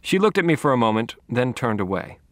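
Wry, deadpan male audiobook narrator. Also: mid-range voice, fairly quick, no echo. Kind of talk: first-person audiobook narration.

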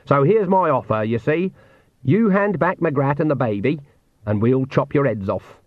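A man reading an audiobook, voicing a shrewd, unflappable old witch who talks in a dry, measured, quietly menacing way. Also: mid-range voice, lively intonation, no room sound, voice pushed up, natural voice. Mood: calm threat. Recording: dull, muffled audio.

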